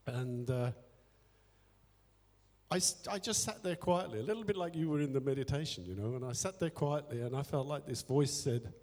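A man's voice: mid-range voice, animated, moderate pace, a little mellow. Self-deprecating man telling his testimony in a church. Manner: candid, self-deprecating storytelling with quoted inner dialogue. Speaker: church elder. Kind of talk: personal testimony in a church service. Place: church hall. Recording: echoey hall with faint music.

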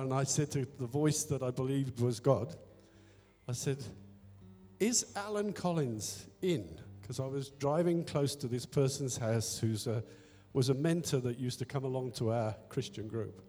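A man in a church hall shares a candid, self-deprecating testimony, acting out his own inner conversations as he goes. His voice is mellow and dark, carrying with a long reverb through the room while soft music plays faintly underneath. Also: medium pitch. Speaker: church elder. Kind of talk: personal testimony in a church service.

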